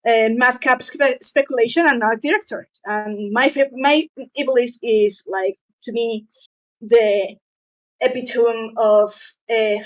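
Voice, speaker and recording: A woman's voice: fairly high pitch, rough recording. A young woman from Spain with a Spanish accent, co-hosting a convention panel in casual talk, hesitant with many fillers and restarts. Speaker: panel co-host.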